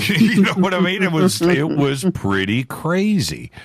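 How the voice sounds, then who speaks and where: A man's voice: on the high side, big pitch swings, breathy edge, no room sound, clean studio sound. A man hosting a talk show interview, affirming often and restarting his sentences as he asks questions. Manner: affirming with repeated "right, right", halting restarts.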